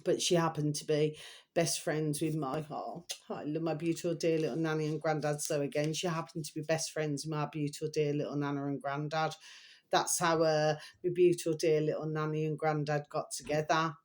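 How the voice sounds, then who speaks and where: A woman's voice: deep voice, little pitch movement, a little fast, darkish tone. An older woman, telling a rambling, emotional family story to her camera and repeating fond pet phrases. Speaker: vlogger.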